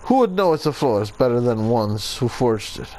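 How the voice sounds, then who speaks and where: A man's voice: mid-range voice, very animated, normal speed, warm tone, a little hiss or hum, voice pushed down, natural voice, rough recording. A man voicing a solemn male Italian assassin reading his journal, in a put-on Italian accent. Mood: grave.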